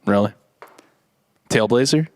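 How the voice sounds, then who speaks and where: A man's voice: medium pitch, takes it slowly, no room sound. A man co-hosting a comedy podcast, cracking jokes and laughing in casual chat. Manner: wisecracking, laughing, goofy shouts. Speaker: podcast co-host.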